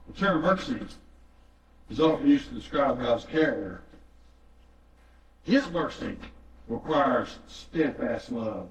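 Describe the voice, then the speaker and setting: A man's voice: mid-range voice, animated, a little slow, long pauses. A man preaching a sermon, telling a story in earnest and repeating phrases for emphasis. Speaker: pastor. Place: church sanctuary. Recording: echoey, distant, dull church recording.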